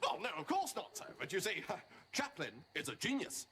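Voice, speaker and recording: An actor playing a boisterous, naive young lieutenant with gushing enthusiasm, in a noisy TV recording. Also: male voice, high voice, huge pitch swings, moderate pace, exaggerated voice. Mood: jolly. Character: jolly, naive upper-class young male lieutenant. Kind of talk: sitcom acting. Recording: noisy TV audio with studio laughter.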